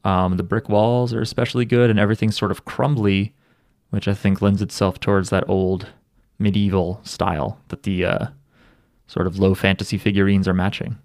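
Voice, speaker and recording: A man's voice: sits low, level tone, moderate pace, a little mellow, no room sound, clean studio sound. A man co-hosting a podcast in casual chat, joking and rambling with fillers. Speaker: podcast co-host.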